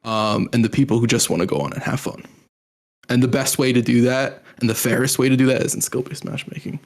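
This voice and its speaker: A gravelly, mid-pitched male voice on a casual podcast. He lays out his points thoughtfully and at length, with plenty of fillers along the way. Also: brisk.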